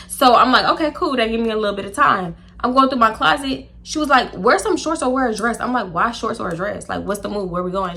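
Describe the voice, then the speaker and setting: A young woman telling a casual storytime, chatty and animated, acting out quoted dialogue with laughs. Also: medium pitch, gravelly. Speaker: storytime YouTuber.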